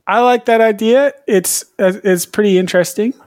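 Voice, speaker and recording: A man's voice: high-pitched, normal speed, darkish tone, no echo, clean studio sound. A man co-hosting a comedy podcast in casual chat, hesitant and laughing. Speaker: podcast co-host.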